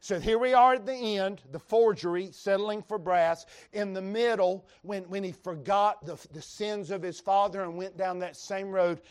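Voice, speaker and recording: A man's voice: sits high, fairly even intonation, moderate pace, hardly any pauses, smooth. A man with a Western North Carolina accent preaching a sermon in a folksy, emphatic way, reading scripture aloud to the congregation. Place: church revival service.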